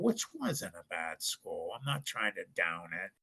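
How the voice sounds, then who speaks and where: A man's voice: low voice, wildly swooping pitch, a little slow, creaky, sharp tone, slightly rough. A middle-aged man from Ohio, a podcast guest, telling his story animatedly and acting out other people's voices. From Ohio, United States. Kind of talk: casual storytelling.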